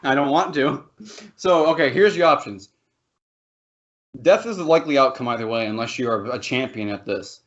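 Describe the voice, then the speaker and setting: Guy cohosting a podcast, mid pitch, rambly and jokey, kinda muffled lo-fi audio. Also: normal speed. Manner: rambling, laughing, swearing. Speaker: podcast co-host. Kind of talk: casual podcast banter.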